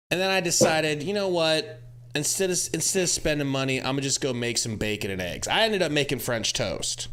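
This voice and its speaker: Young man, podcast co-host, laid-back storyteller, bright voice, lively pitch. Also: brisk, clean tone.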